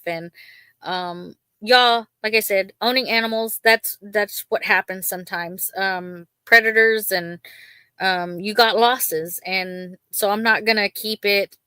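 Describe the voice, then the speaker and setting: A woman's voice: medium pitch, pushed and bright, clear, resonant tone, no room sound. A woman hosting a casual livestream, rambling with lots of ums and talking openly about her feelings. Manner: rambling, many ums, emotional but chatty. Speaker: livestream host. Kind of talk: casual live-stream chat.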